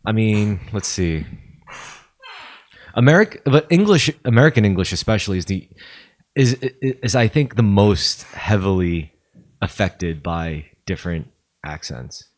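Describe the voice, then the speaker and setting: A man's voice: on the low side, animated, measured pace. A man co-hosting a podcast in casual chat, laughing often and rambling as he talks. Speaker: podcast co-host.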